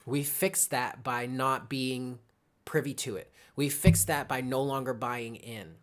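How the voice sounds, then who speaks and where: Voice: mid-range voice, steady tone, unhurried, fairly bright tone. A tarot reader giving a live reading to viewers, talking casually, thinking aloud, greeting viewers by name and often checking in with "okay?". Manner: addresses chat viewers by name.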